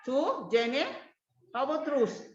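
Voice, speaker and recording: A woman's voice: high-pitched, a little slow. A woman teaching an online grammar lesson, patiently calling on students by name over a video call. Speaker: English teacher. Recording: echoey, dull lo-fi room sound.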